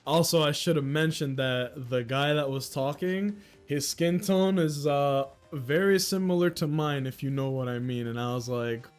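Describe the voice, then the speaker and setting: A man's voice: fairly high pitch, normal speed, few pauses, soft background music. A young man with a Dominican-influenced American accent, chatting casually with viewers on a livestream, rambling through stories and laughing often. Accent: Dominican-influenced American English. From United States. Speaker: livestream host.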